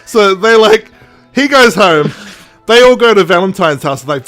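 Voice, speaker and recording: A man hosting a podcast, recapping a story in a casual, animated way, laughing often and slipping into quick character voices. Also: high voice, soft background music. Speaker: podcast host. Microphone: podcast microphone.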